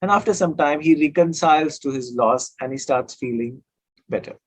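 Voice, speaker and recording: A man's voice: fairly high pitch, moderate pace, breathy edge, low-quality recording. A man who works as a counselor tells a parable and then gives advice, talking with emphatic repetition and frequent hesitations. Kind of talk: storytelling and self-help talk.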